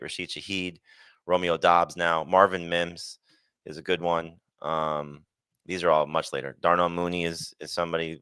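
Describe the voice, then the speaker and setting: A man's voice: deep voice, bright, forceful tone, smooth, dry recording. A man co-hosting a podcast, listing picks in a matter-of-fact way. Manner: matter-of-fact, lists names. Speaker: podcast co-host. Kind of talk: casual chat.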